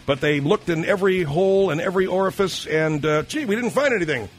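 A middle-aged man hosting a radio talk show, brash, cynical and quick to snap at his sidekicks. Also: sits high, lively intonation, faint music behind.

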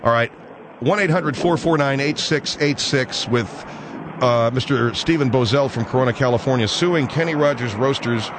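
Man hosting call-in radio, background noise. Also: medium pitch. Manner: relaxed, wry interviewer with fillers. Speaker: radio talk show host.

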